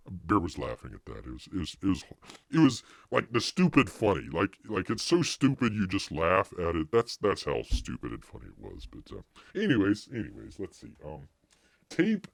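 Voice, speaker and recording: A man's voice: sits low, huge pitch swings, normal speed, vocal fry, no room sound, studio quality. A man hosting a live stream, chatting casually in a rambling way, with frequent restarts and laughter. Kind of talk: casual review chat.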